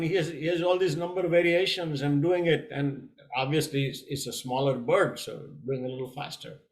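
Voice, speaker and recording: A man, a tai chi coach, telling a parable in a gentle storytelling way, with small hesitations. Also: high voice.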